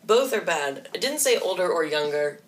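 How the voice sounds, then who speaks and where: A woman's voice: on the low side, expressive, normal speed. A woman co-hosting a podcast, chatting casually and teasing her co-host with frequent laughs. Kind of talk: casual chat.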